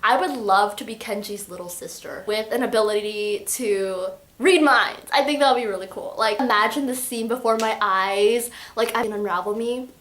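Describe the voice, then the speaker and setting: A young book vlogger gushes about a book she loves in a casual review chat, giggling and acting out quotes in little voices. Her mid-range voice is a bit bright and moves at a moderate pace with hardly any pauses, in a reverberant space.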